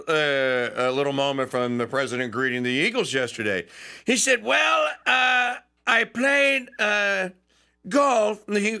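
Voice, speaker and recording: A man hosting a talk radio show, chatting casually, laughing often and acting out quotes with animated delivery. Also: mid-range voice, vocal fry.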